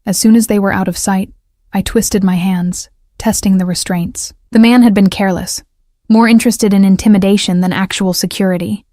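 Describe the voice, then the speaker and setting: A woman narrating a dark romance story in the first person, in an even, measured reading. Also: mid-range voice, dry recording, clean studio sound.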